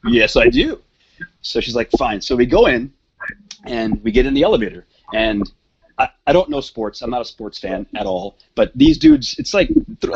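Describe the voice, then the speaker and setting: Man, casual podcast storytelling, profane, lively pitch, raspy voice. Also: highs cut off. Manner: profane, animated, acts out quoted voices. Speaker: podcast guest.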